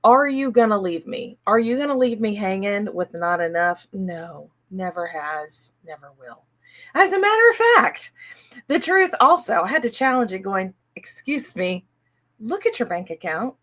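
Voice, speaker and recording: A middle-aged woman talks to her viewers in a chatty, personal way. She is animated and playful, and she acts out her own panicked inner voice now and then. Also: medium pitch, normal speed. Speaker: host. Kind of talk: casual personal talk on money mindset.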